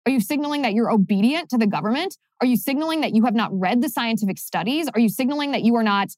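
A woman's voice: a little high, animated, fast talker, a little mellow, no echo, clean studio sound. A young woman hosting a podcast, delivering an opinionated monologue in a sarcastic, emphatic way. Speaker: podcast host.

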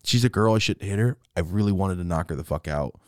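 A man telling a wild personal story in a casual, profane, animated way, acting out what people said. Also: sits low, fast, no echo, clean studio sound. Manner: animated, profane, acts out the quotes.

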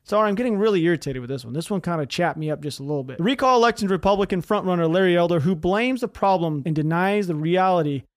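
A man's voice: sits high, lively intonation, dry recording, clean studio sound. A man hosting a podcast, ranting heatedly about politics with a lot of swearing. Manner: heated, profane, fast-talking. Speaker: podcast host.

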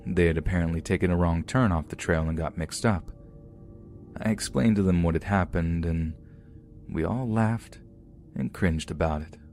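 Man, very deep voice, calm measured narration, scary story podcast reader. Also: soft background music. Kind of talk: scripted narration of reader-submitted scary stories.

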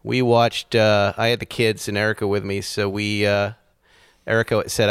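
A man's voice: fairly low pitch, little pitch movement, normal speed, clear, resonant tone, no room sound, clean studio sound. A man hosting a podcast, chatting casually and rambling, often laughing at his own jokes. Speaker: podcast host. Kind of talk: casual chat.

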